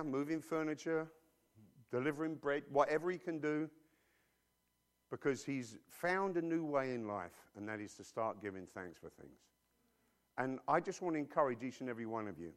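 A man preacher delivering a sermon emphatically and bluntly, with informal slang and frequent rhetorical questions to his listeners. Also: mid-range voice.

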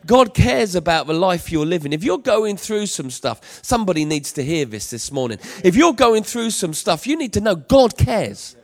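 Emphatic preaching man, higher voice. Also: sing-song, moderate pace, hardly any pauses. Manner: emphatic, repetitive, rising to passionate preaching. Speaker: pastor. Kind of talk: sermon.

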